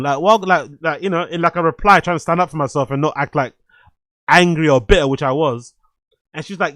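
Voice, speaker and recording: Man, streamer host, animated casual commentary, swears and laughs, fairly high voice, dry close sound. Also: fairly quick, no room sound. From London. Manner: animated, swears freely, laughs often, repeats phrases.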